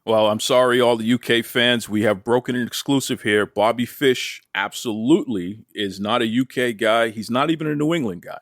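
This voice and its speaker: A man's voice: mid-range voice, normal speed, few pauses, dry recording, clean studio sound. A man hosting a wrestling interview show, asking questions in a playful, teasing way. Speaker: podcast host.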